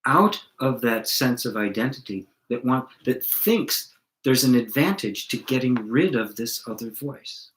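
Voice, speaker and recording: A middle-aged man leading a spiritual satsang, talking calmly and asking reflective questions as he answers viewers. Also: medium pitch, unhurried, roomy sound, rough recording. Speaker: spiritual teacher.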